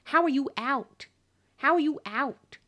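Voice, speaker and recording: High-voiced woman chatting through a game. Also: unhurried, sharp tone, dull audio, a little hiss or hum. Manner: chatty, exclaiming, talks to the chat. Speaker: gaming streamer. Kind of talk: casual gameplay commentary.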